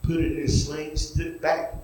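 A man's voice: a little high, little pitch movement, measured pace, a little mellow, heavy reverb, low-quality recording. A man preaching a sermon, retelling a story in a folksy way and acting out each character.

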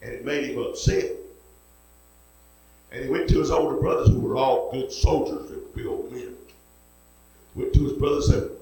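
A man's voice: mid-range voice, normal speed, gravelly, pauses often, dark tone, very echoey, low-quality recording. A man preaching a sermon, retelling a story in a folksy way and acting out each character.

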